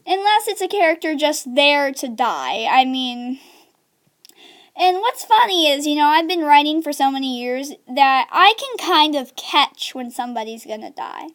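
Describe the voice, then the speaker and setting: Young woman, high-pitched, casual rambling vlog delivery with giggles and fillers. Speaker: video creator giving writing tips. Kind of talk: casual chat to camera.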